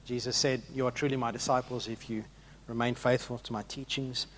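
A man preaching a sermon, swinging between loud rousing questions to the congregation and hushed, emphatic passages. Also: medium pitch, little pitch movement, a little fast.

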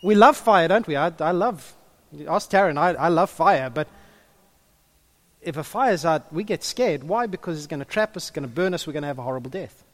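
A man's voice: fairly high pitch, brisk. A man preaching a sermon, telling stories and chatting with the congregation. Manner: storytelling, animated, chatty with the congregation. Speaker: pastor.

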